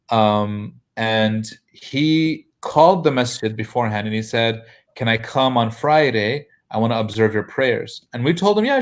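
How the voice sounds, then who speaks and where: American imam guy telling a story, laid back, laughs a bit, mid pitch. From United States. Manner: animated anecdote-telling with chuckles. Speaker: mosque imam. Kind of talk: casual storytelling in a panel talk.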